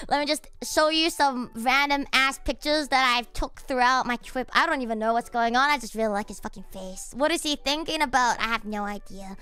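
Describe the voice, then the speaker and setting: A young woman streamer chatting casually and excitably, breaking into laughter and swearing freely. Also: high-pitched, normal speed, smooth. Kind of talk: casual chat.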